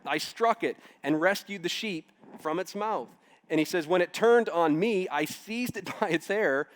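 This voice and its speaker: A middle-aged man, a pastor, preaching a sermon in a church and building to emphatic declarations. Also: on the high side.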